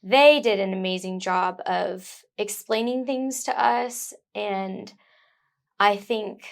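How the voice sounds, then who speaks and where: A young woman's voice with a slightly gravelly, fried texture. She is a guest in a conversational interview and speaks in a heartfelt, effusive way. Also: medium pitch, takes it slowly. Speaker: guest, new mother.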